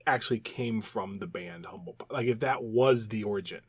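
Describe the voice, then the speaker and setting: Animated rambling male podcast host. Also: lowish voice, a little fast, slightly rough, dry recording. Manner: animated, rambling, repeats words while explaining. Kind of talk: casual chat.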